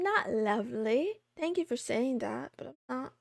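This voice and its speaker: A woman's voice: a little high, animated, normal speed, vocal fry, hardly any pauses, no room sound, studio quality. A woman VTuber chatting casually on a live stream, greeting her chat by name and joking and complaining about herself. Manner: playful, greets chat by name, meows and giggles; complaining, self-deprecating.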